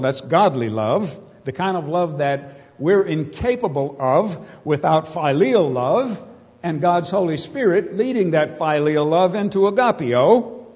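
A man preaching a sermon, emphatic and full of rhetorical questions, slowing down to stress key words. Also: on the high side, expressive, a little mellow. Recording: muffled sound with long hall reverb.

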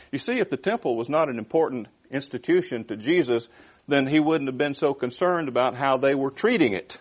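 Reading verses aloud and then unpacking them in plain terms, a man teaches through a Bible passage with restarts and asides along the way. His voice is a little high, brisk and lively in intonation.

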